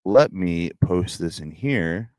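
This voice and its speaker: Deep-voiced, laid-back man host. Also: animated, slow pace, darkish tone, dry recording, clean studio sound. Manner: laid-back, profane, laughing often. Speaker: livestream host. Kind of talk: casual livestream chat.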